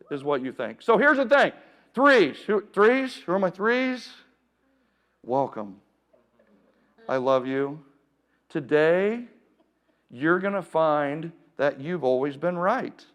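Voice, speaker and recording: A man giving a keynote talk at a live seminar, energetic and playful, calling out to the audience and getting them to join in. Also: a little high. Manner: energetic, playful, calls out to the crowd. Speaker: keynote speaker. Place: event room with a live audience.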